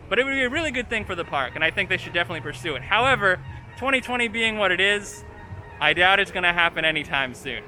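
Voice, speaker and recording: A man's voice: high-pitched, pushed and bright. A man chatting casually as a vlogger, outdoors at an amusement park, upbeat and wry. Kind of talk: casual vlog commentary.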